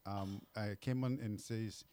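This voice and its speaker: A man's voice: lowish voice, fairly even intonation, measured pace, warm tone, no echo. A man co-hosting a casual chat show, telling a story with many stumbles and repeated words. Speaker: co-host. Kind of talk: casual radio-style chat.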